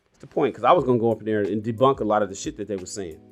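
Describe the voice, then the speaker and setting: A man in his forties hosting a casual livestream podcast, telling stories in a blunt, animated and profane way. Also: fairly low pitch, rapid-fire. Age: 40s. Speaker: podcast host.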